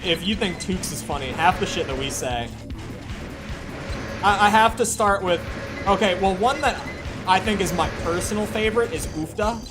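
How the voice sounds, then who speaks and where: A man with a Minnesotan accent chatting casually while streaming a game, rambling with lots of "like" and fillers. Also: high-pitched. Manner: rambling, filler-heavy, with frequent "like". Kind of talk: casual chat while playing.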